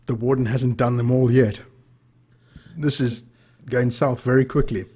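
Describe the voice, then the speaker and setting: A man hosting a loose, tipsy podcast chat, joking and swearing freely between laughs. His voice is husky and somewhat breathy, at a middle pitch. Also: fairly even intonation, a little slow, dark tone. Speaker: podcast host.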